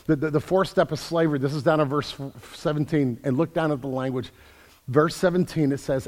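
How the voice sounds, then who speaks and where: Impassioned preacher in a reverberant hall. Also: male voice, a little high, steady tone, normal speed. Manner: impassioned, rising to loud emphatic preaching. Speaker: pastor. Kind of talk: sermon.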